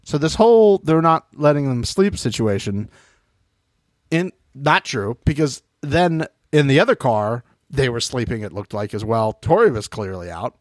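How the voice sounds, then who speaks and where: Brief: male podcast co-host, lively swooping delivery, dry close sound, casual and mocking. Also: medium pitch, moderate pace, no room sound. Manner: animated, mocking, swears freely. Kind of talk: casual chat about reality TV.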